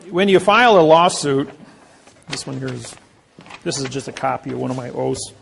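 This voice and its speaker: Gravelly man telling courtroom stories. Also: mid-range voice, expressive, moderate pace, fairly bright tone, slight background noise. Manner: storytelling, acting out courtroom dialogue; rambling, self-correcting. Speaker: seminar lecturer. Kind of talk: informal lecture with anecdotes.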